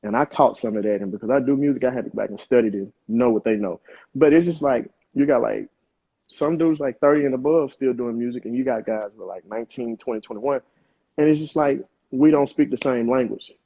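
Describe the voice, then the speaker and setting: Husky laid-back young man from Mississippi. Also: medium pitch, a little fast, dull audio. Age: 20s. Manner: laid-back, loose, lots of "you know what I'm saying". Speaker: rapper guest. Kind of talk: casual interview chat.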